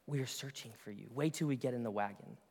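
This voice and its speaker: A man's voice: high-pitched, lively intonation, unhurried, a bit bright, clear, resonant tone. A male preacher voicing a stern, anxious mother scolding her young son, in clipped tones. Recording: long reverb of a large hall.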